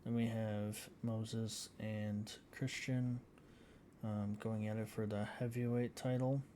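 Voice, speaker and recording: A man hosting a gaming channel, talking slowly in a flat, even tone as he works through results with plenty of ums. Faint room noise sits behind his voice. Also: lowish voice. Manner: halting, reads out scores with many fillers. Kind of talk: casual gameplay commentary.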